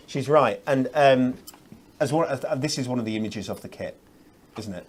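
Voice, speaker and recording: A man's voice: medium pitch, moderate pace, a little hiss or hum. A man presenting craft products on a shopping channel, chatty and upbeat with lots of fillers. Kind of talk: enthusiastic product demonstration.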